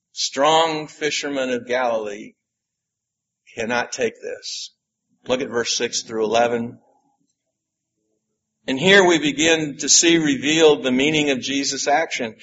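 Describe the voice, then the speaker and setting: Male pastor, sermon, slow deliberate delivery, slightly high voice, dull lo-fi recording. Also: a bit bright. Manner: slow, emphatic preaching with dramatic pauses.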